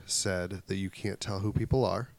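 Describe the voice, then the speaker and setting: A man's voice: low voice, steady tone, moderate pace, creaky. A man co-hosting a podcast in casual chat, wry and rambling, often trailing off. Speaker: podcast co-host. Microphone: podcast mic without pop filter.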